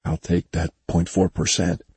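A man with a deep, husky voice playing a calm male starship commander who speaks in a steady, matter-of-fact way. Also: a little slow, no echo, exaggerated voice.

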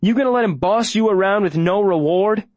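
A man's voice: sits high, brisk, a little mellow, no echo, dull audio, voice pushed up, natural voice. A man voicing a defiant teenage boy who presses with urgent questions. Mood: pressing. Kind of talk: audiobook character voice.

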